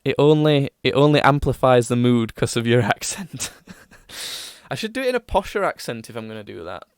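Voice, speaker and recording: A man's voice: mid-range voice, lively intonation, brisk, clean tone, no room sound, clean studio sound. Rambling young man. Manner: rambling, self-mocking, lots of fillers. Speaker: podcast host. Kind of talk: casual chat.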